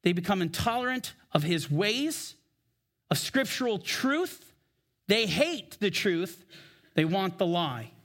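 A man preaching from the pulpit with a strikingly high voice. He speaks with emphasis and slows down for the scripture he reads aloud. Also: very animated, a bit bright. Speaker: pastor. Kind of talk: sermon. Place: church.

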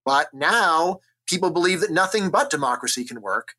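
A man from the United States, an economist, explaining ideas in an energetic, argumentative interview style, often checking in with "right?". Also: a little high, normal speed. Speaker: economist guest. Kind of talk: conversational interview.

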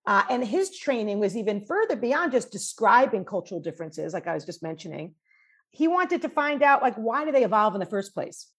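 A woman's voice: fairly high pitch, brisk, husky. A woman from New York, a cross-cultural psychologist, chatting animatedly in an interview. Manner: animated, chatty storytelling with fillers. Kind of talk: conversational interview.

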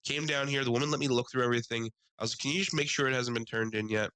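Bright-voiced storytelling man. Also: rapid-fire, smooth, no room sound, poor audio. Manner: animated, acts out quoted people in higher voices. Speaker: podcast co-host. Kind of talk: casual storytelling chat.

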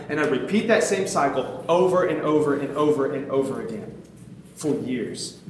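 A man preaching a sermon in an animated, conversational way, poking fun at himself. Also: mid-range voice, normal speed, heavy reverb, slight background noise. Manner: animated, conversational, self-mocking, laughs often.

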